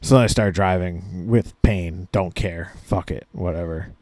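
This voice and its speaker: A man's voice: deep voice, measured pace, a little mellow, dry recording. A man co-hosting a podcast, telling a story in a casual, profane, laid-back way and acting out the people he quotes. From Maine, USA. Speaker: podcast co-host.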